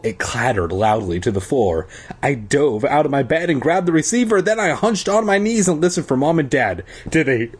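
A man's voice: mid-range voice, husky. A man reading a novel aloud in an informal way, with asides and self-corrections. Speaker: reader.

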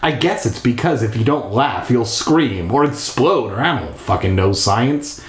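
A man's voice: medium pitch, animated, measured pace. A man reading a horror storybook aloud from his bathtub, with crude rambling asides. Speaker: storybook reader. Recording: echoey bathroom.

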